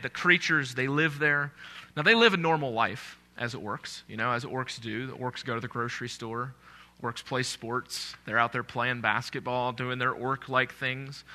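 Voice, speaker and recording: Bright-voiced male preacher. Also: mid-range voice. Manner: conversational, asks the congregation questions. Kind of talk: sermon.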